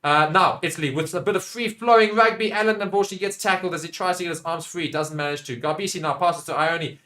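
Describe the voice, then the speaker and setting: A young South African man giving live play-by-play rugby commentary, getting louder and excited on attacking plays and dropping low and quiet when reading viewer comments. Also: fast, hardly any pauses. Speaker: watchalong commentator.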